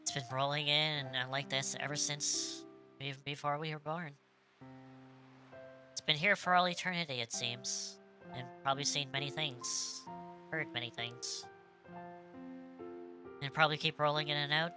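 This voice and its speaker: A streamer voicing a stern but gentle young woman, reading her game lines softly and wistfully. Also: medium pitch, steady tone, moderate pace, long pauses, over music, natural voice.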